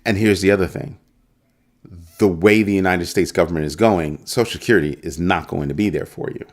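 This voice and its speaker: Deep-voiced emphatic middle-aged man. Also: fairly quick. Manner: emphatic, repeats points for stress. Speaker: crypto show host. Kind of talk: casual talk to viewers.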